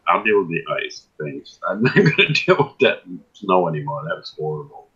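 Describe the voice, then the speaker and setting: Lively husky man on a dull lo-fi line. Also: low-pitched, normal speed. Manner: laughs often, teasing. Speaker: guest friend. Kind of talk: casual chat. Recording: dull lo-fi sound.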